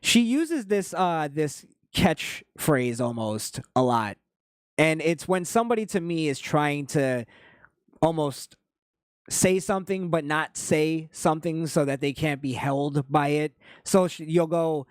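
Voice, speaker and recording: A man hosts a podcast, delivering pointed political commentary. His voice sits a touch high and is recorded close and dry, with no room around it. He hammers points home, repeating himself and restarting his sentences. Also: lively intonation, unhurried, clean tone, dry recording. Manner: emphatic, repeats points, frequent restarts and fillers. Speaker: podcast host.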